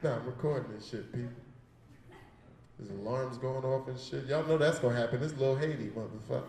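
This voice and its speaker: With a handheld mic at an art-gallery comedy show, a male comic relaxes into profane storytelling and acts out the characters. His medium-pitched voice is fairly quick and a little mellow. He sounds far from the mic, with reverb, slight background noise and poor audio overall.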